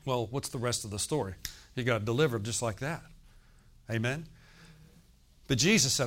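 Male pastor, sixties, animated sermon storyteller, acts out dialogue, quiet asides. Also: normal speed, pauses often. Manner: animated storytelling, acting out quoted dialogue with rising pitch and volume; drops into quiet, confiding asides. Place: church.

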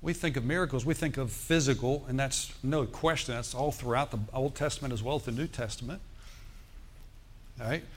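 A man preaching a sermon, animated and quoting scripture, calling out for amens. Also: mid-range voice, a little fast, slight background noise.

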